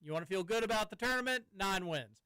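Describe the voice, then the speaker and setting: Bright crisp-voiced guy on sports radio, kinda rambly and stammery, studio mic. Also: high-pitched, expressive, quick pace, no echo, poor audio. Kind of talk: casual sports talk radio. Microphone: studio microphone.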